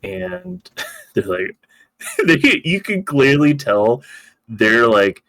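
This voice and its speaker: A man's voice: on the high side, huge pitch swings, extremely slow, vocal fry, a bit bright, no echo. A man co-hosting a podcast, recapping an episode in loose, joking, profane chat. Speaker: podcast co-host.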